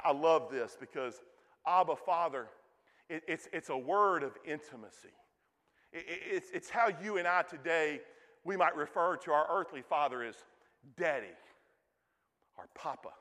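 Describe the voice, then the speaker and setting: Man, forties, pastor, sermon, high voice, loud then hushed, repeats words, reverberant sanctuary. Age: 40s.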